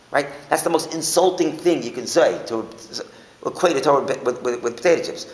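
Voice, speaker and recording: A man giving a Torah class, animated, asking rhetorical questions and restating his points to the room. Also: medium pitch, a little fast. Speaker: Torah teacher. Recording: echoey hall with faint hiss.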